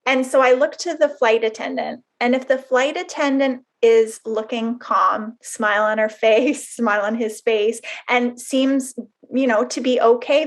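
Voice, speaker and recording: A woman with a fairly high voice talks through a webinar topic. She explains ideas earnestly and slips in casual, conversational asides as she goes. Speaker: webinar presenter.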